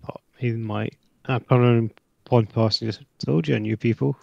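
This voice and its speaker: A man playing in a tabletop role-playing game, playful and quick to laugh. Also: mid-range voice, fairly even intonation, gravelly, mellow, dry recording, highs cut off. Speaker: player.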